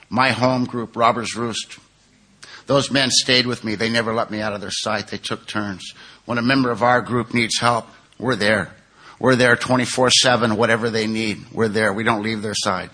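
An older man sharing his life story at a recovery meeting, long-winded and candid, with self-mocking humor and a voice that gets loud when the story heats up. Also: mid-range voice, steady tone, moderate pace. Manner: grows loud and heated when telling intense moments. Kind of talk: personal testimony, storytelling.

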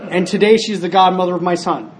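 A man's voice: sits high, quick pace, a little hiss or hum. A man speaking at a recovery meeting, sharing personally and telling stories with animation. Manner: storytelling, animated when acting out scenes; earnest, frequent restarts. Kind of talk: personal share with told stories.

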